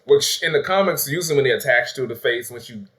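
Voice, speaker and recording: A man's voice: mid-range voice, quick pace, a bit bright. A man hosting a casual, spoiler-filled movie review chat, talking loosely with lots of swearing and acting out lines he quotes. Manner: loose and profane, acts out quotes with laughs. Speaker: host of a movie review channel.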